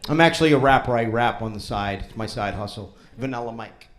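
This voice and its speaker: A man's voice: mid-range voice, fairly quick, slight background noise. A man from New England doing a stand-up comedy set on a club stage, riffing with the audience. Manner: animated, jokey, riffing with the crowd.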